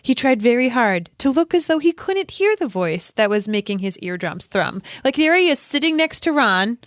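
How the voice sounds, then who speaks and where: Woman, podcast co-host, casual chat, chatty, fairly high voice, dry close sound. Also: very animated, moderate pace, no echo. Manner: chatty, laughs often, acts out lines.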